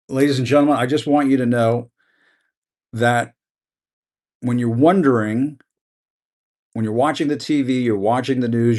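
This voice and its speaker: Impassioned male news host. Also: mid-range voice. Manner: impassioned, repeating a rallying phrase; conversational, with fillers. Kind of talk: passionate news commentary monologue.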